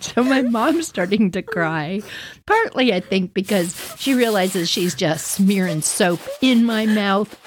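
A woman telling funny stories from her own childhood in a chatty, animated way for young listeners. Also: medium pitch, slight background noise. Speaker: podcast storyteller. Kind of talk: storytelling to children.

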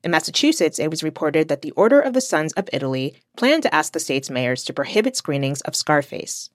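Podcast host, low-pitched woman, lively scripted narration, dry studio sound. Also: no room sound. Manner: measured, explanatory.

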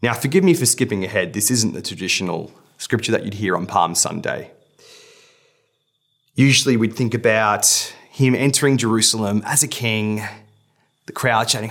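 A pastor reading scripture dramatically in a sermon, then talking to the congregation in a conversational way. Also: male voice, lowish voice, normal speed, a bit bright.

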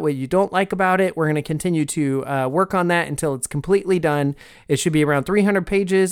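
A man's voice: a little high, clear, resonant tone. A man hosting a podcast, making casual announcements in a friendly, rambling way with many fillers. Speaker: podcast host.

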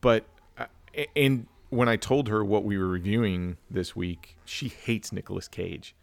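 A man's voice: fairly low pitch, a little slow, vocal fry, no room sound. A man co-hosting a casual film review chat, telling stories and acting out family dialogue. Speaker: podcast co-host.

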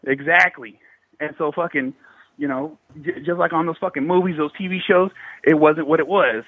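A man's voice: fairly high pitch, normal speed, no room sound, phone-quality sound. A man in his thirties from the Bay Area, telling a paranormal story in slangy, profanity-heavy casual talk. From Bay Area, California. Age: 30s. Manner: heavy swearing, slangy and animated.

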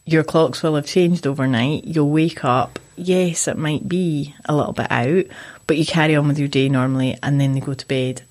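A woman's voice: deep voice, fairly even intonation, moderate pace, hardly any pauses, darkish tone. Matter-of-fact woman giving sleep advice. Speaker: sleep consultant. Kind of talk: casual podcast chat.

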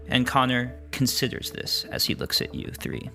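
A man narrating a tabletop game as game master, describing the scene in an unhurried storytelling manner. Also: mid-range voice, big pitch swings, vocal fry, pushed and bright, soft background music.

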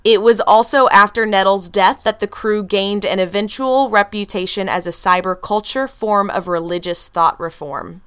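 A woman's voice: medium pitch, moderate pace, few pauses, fairly bright tone, smooth. A woman hosting a podcast, casually talking through researched notes about a cult's history, often laughing between facts. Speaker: podcast host telling a true story. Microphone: computer mic at home.

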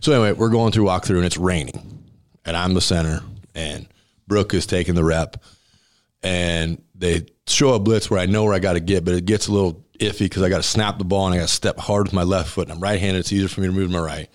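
A man with a very low, deep voice tells stories in a relaxed interview. He talks bluntly and with emphasis, and he acts out the conversations he describes. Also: fast. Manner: emphatic and blunt, acting out dialogue with laughs. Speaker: restaurant owner and former college football center. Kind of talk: casual storytelling interview.

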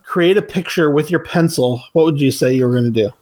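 A man's voice: on the high side, fast, darkish tone. A man hosting a casual podcast, chatting and telling anecdotes. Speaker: podcast host. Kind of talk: casual chat.

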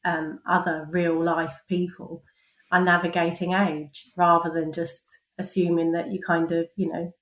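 A woman with a slightly low voice talks thoughtfully in a casual podcast chat, dropping frequent ums and you-knows. Her voice carries a roomy echo. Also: level tone, a little slow, fairly bright tone. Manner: thoughtful, many fillers. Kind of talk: casual conversation.

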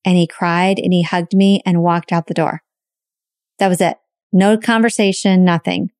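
A woman's voice: lowish voice, fairly even intonation, moderate pace, a little mellow, dry recording, studio quality. A woman co-hosting a podcast, telling a personal story openly and emotionally, swearing casually. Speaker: podcast co-host.

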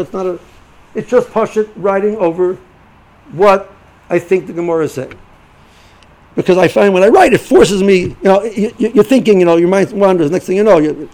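A middle-aged man giving an informal Torah lesson, halting and repeating words as he restarts sentences. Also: high-pitched, mellow, low-quality recording. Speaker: yeshiva rebbe giving a shiur.

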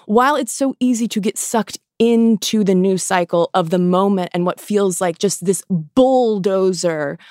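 A woman hosting a podcast, giving an impassioned and sarcastic pep talk, swearing freely and pausing often between phrases. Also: medium pitch, no echo, clean studio sound. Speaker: podcast host.

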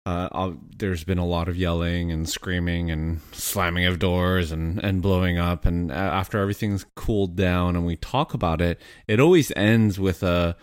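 Deep-voiced man reflecting hesitantly. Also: steady tone, normal speed, hardly any pauses, clear, resonant tone, no room sound, studio quality. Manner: reflective, hesitant, many restarts. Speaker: podcast co-host. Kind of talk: podcast interview.

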